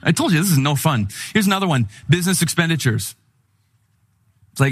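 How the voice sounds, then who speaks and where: A middle-aged man preaching a sermon in a conversational, humorous style, telling animated stories. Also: on the high side, brisk, breathy edge. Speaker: pastor.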